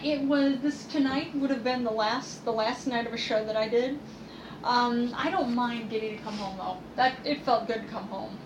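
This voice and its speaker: A woman's voice: high-pitched, reverberant, background noise. A woman chatting casually at home, reading out news bits with lots of fillers and restarts. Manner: chatty, reads news aloud with many fillers. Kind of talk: casual chat. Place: at home, indoors.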